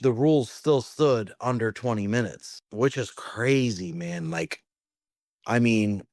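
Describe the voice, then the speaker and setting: Man, pizzeria owner, animated storyteller, acts out quotes, fairly low voice, dry close sound. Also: slow, no room sound. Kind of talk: casual storytelling.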